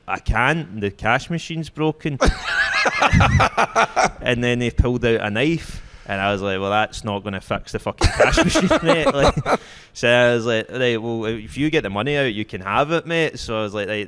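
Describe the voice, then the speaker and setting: A man with a Glaswegian accent, telling a story in a laid-back, deadpan way and laughing through it. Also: medium pitch, moderate pace, clean tone, long reverb tail. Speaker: comedian guest. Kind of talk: casual storytelling.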